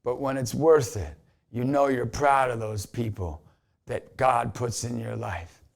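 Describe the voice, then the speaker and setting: A man's voice: mid-range voice, fairly even intonation, unhurried, gravelly. A man in his forties, a Christian motivational speaker, giving an emphatic inspirational talk to camera in a conversational way. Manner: emphatic, repeats a catchphrase, conversational.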